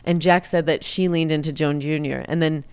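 A woman's voice: low-pitched, clean tone. Chatty woman recapping a movie. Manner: animated retelling, acting out lines in quick character voices. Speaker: podcast co-host recapping a movie. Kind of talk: casual chat.

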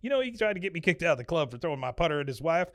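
A man's voice: fairly high pitch, big pitch swings, very fast, fairly bright tone, no room sound, pitched above the performer's own voice. Man doing a blustery boastful older boss.

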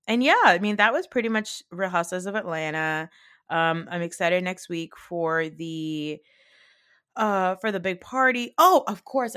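A woman's voice: sits low, a bit bright, dry recording, clean studio sound. A woman hosting a podcast, recapping reality TV in a chatty, opinionated way, swearing freely and correcting herself often. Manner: frequent fillers and self-corrections. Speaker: podcast host.

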